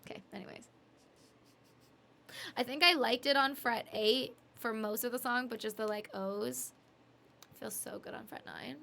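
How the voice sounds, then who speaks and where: A woman's voice: fairly high pitch, measured pace, vocal fry, long pauses, pushed and bright, faint music behind. Giggly, sleepy woman chatting on stream. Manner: chatty, giggly, reads chat aloud. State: sleepy, yawning. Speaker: music streamer. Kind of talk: casual live-stream chat between songs.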